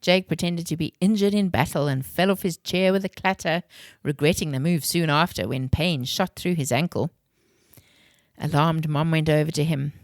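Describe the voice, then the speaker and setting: A low-pitched woman reads a children's novel aloud, calm and clear. Her voice sits close and dry, with no room around it. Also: normal speed, dry recording. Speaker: storyteller.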